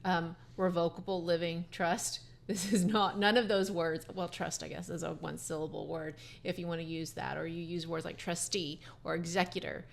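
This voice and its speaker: A woman lawyer on a podcast, speaking in casual conversation, pausing with ums as she thinks. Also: fairly low pitch, steady tone, vocal fry. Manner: thoughtful, frequent ums and restarts. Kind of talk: casual professional chat.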